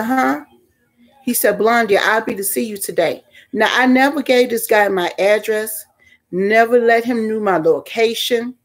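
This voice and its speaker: An older woman telling a personal story in a chatty, rambling way with many fillers. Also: on the high side. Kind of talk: casual storytime vlog.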